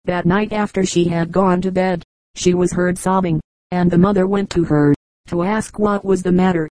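Woman reading stories, mellow dry voice. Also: lowish voice, moderate pace, no echo, low-quality recording. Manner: steady storytelling read. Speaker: audiobook reader. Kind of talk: scripted narration.

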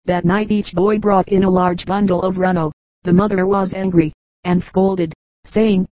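A woman reading folk tales aloud as an audiobook narrator, in a calm, even storytelling delivery. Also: mid-range voice, normal speed, dry recording, low-quality recording. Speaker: audiobook reader.

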